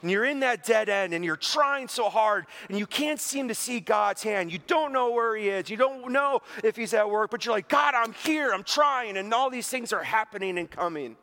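A man's voice: high voice, expressive, normal speed, hardly any pauses, sharp tone. A man preaching a conversational sermon, chatty and full of rhetorical questions and acted-out inner voices. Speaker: pastor.

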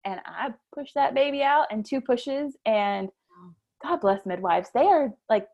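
A woman's voice: a little high, animated, unhurried, creaky, a little mellow, lo-fi sound. A woman in her thirties, a guest chatting casually about her birth stories, laughing often and acting out what people said. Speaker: guest mother sharing her birth story. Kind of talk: casual storytelling interview.

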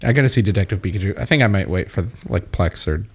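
A man's voice: low voice, expressive, fast, breathy edge. A man in casual chat, an opinionated movie fan who talks at length and hiccups a little.

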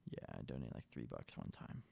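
A man's voice: extremely low pitch, expressive, brisk, creaky, dark tone, husky, no room sound. A man in casual chat who makes sarcastic, absurd jokes and swears a lot.

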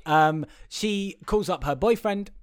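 A man's voice: sits high, slow, clean tone, no echo, clean studio sound. A man co-hosting a casual chat, recapping a film in a rambling way and acting out the characters' lines. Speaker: podcast co-host.

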